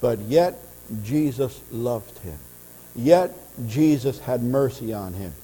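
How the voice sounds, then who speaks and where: A man's voice: mid-range voice, lively intonation, slow pace, husky. Earnest male pastor preaching in a hall. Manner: earnest preaching, swelling louder in passionate runs. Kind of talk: sermon. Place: church sanctuary. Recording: church audio with long reverb and mains hum.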